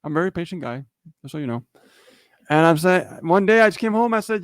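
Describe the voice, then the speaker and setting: This co-host is a fast talker with a high-pitched, animated voice, captured in clean studio sound with no echo. He shares a story in a laid-back motivational style, regularly checking in with "okay?" and "right?".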